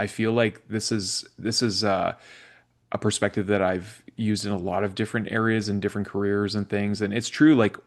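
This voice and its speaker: A man hosting a podcast, speaking in a soft, reflective way with many fillers. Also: lowish voice. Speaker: podcast host. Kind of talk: casual interview chat.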